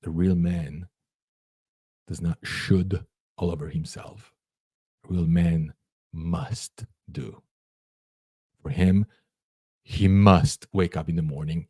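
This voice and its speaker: A man's voice: mid-range voice, slow pace, pauses often, a little mellow, dry recording, clean studio sound. A man hosting a livestream, giving an emphatic, preachy motivational talk and acting out inner voices. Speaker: host.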